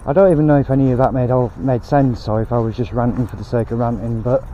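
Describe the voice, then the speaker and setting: A man's voice: mid-range voice, steady tone, fast talker, dark tone, muffled recording, slight background noise. A man vlogging outdoors on a canal towpath, ranting bluntly in a rambling way and swearing now and then. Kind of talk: casual rant while walking.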